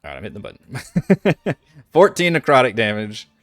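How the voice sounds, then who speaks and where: A man's voice: mid-range voice, moderate pace, no room sound, soft background music. Laid-back male dungeon master. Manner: relaxed and chatty, laughs easily, lots of fillers. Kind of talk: narrating a tabletop game over voice chat.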